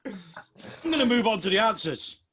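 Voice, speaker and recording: High-voiced guy hosting a quiz podcast, chatty, laughs a lot. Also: very animated, moderate pace, fairly bright tone, slightly rough. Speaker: quiz host. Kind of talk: comedy panel podcast chat.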